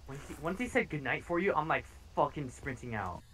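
A man's voice: fairly high pitch, animated, fairly quick, a bit bright. A man playing a horror game with friends, wry and swearing, calling out readings. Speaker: co-player. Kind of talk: casual multiplayer gaming chat.

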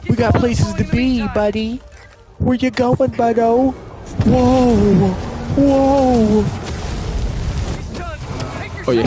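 Young male streamer, high lively voice, unhurried but rowdy profane play-by-play over a loud game soundtrack. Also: rough recording. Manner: loud excited exclamations, profane trash talk at enemies. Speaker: gaming streamer. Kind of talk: live gameplay commentary. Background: loud game music.

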